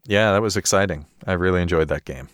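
A man's voice: low voice, no room sound, clean studio sound. A man co-hosting a podcast in a casual chatty way, laughing often and poking fun at himself. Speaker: podcast co-host.

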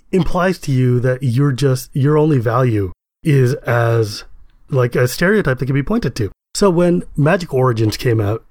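Animated young man, dry close sound. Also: no room sound. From United States. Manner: animated, laughs often, jumps high in pitch when excited. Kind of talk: casual chat.

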